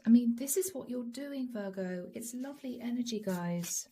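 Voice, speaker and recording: A woman giving a channeled tarot reading, soft and emotional, often dropping to a whisper. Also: on the high side, lively intonation, moderate pace, breathy edge. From Europe. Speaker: tarot reader.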